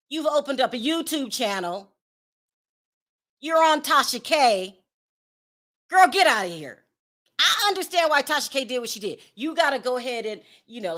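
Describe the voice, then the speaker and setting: A woman's voice: a little high, a bit bright. A woman hosting a celebrity gossip show in casual commentary, blunt, sassy and dismissive.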